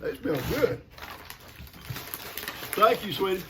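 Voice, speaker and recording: Lively high-voiced older man. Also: slow pace. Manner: chatty, folksy, talks to his pets. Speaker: vlogger opening gifts. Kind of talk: casual chat to camera. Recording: noisy home recording.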